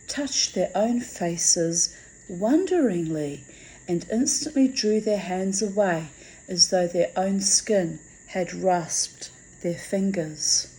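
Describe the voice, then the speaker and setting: A woman reads a fantasy story aloud. Her delivery is slow and measured. Her voice is mellow and relaxed. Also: medium pitch, low-quality recording. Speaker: reader. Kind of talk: storybook reading.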